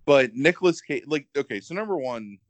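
A man co-hosting a podcast in casual chat, rambling and animated, filling with "like". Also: medium pitch, brisk, no room sound.

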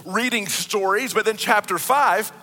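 A high-pitched man preaching a sermon with a bright, forceful tone. He is earnest and keeps restarting his sentences and repeating words. His voice rings out with a long hall reverb behind it. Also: a little slow. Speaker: pastor.

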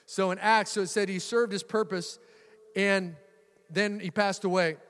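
A middle-aged pastor preaching to his church, his voice sitting high for a man. He tells stories with playful humor and now and then punches a phrase hard for emphasis. The sound carries a long reverb, as in a large hall. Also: a little slow. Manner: lively storytelling with laughs and bursts of emphasis. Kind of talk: sermon.

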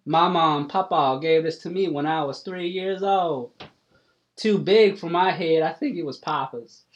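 A man voicing a crude, gossipy old farmer with a put-on Southern hillbilly drawl, loud and folksy, for a tabletop game. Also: fairly high pitch, a little slow, lo-fi sound, voice pushed up, close to an everyday voice. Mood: delighted.

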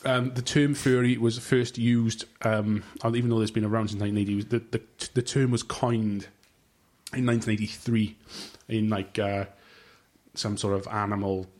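A man's voice: lowish voice, flat delivery, normal speed, a little mellow. A man hosting a casual podcast chat, reading notes aloud in a rambling, sweary way and tripping over long words. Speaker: podcast host.

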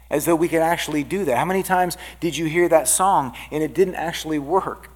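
A man's voice: fairly high pitch, brisk, hardly any pauses. Earnest man preaching a sermon. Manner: earnest preaching, lively rises on quoted scripture. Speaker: pastor.

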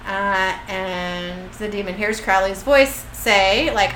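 A woman's voice: medium pitch, steady tone, takes it slowly, fairly bright tone, slight background noise. A woman co-hosting a podcast who recaps a TV episode in a chatty, giggly way. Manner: chatty and giggly, with many fillers. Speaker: podcast co-host. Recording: echoey room with faint ambience.

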